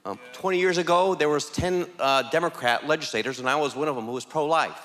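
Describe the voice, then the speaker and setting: A man's voice: on the high side, quick pace, fairly bright tone, faint music behind. Man, forthright, emphatic, panel discussion, long hall reverb. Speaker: panelist, former legislator. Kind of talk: panel talk. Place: large church hall, live audience.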